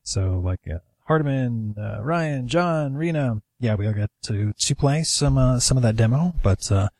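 A man's voice: mid-range voice, lively intonation, moderate pace, a little mellow, no echo. Laid-back man in dry close sound. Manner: laid-back, hesitant, many uhs. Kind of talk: casual gaming chat.

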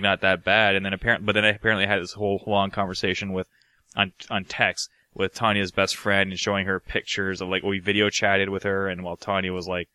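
A man's voice: deep voice, sharp tone, smooth, dry recording. A man on a podcast rambling through a casual story, swearing freely and laughing often. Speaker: podcast co-host.

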